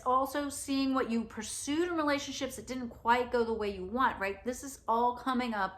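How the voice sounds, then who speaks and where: A woman's voice: mid-range voice, fairly bright tone. A woman astrologer giving a casual spoken forecast, chatty, with many fillers and "right?" asides.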